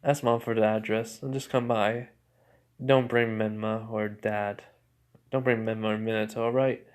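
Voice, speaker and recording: A man's voice: on the low side, flat delivery, normal speed, clean tone, natural voice. A man voicing a cocky teen ninja boy.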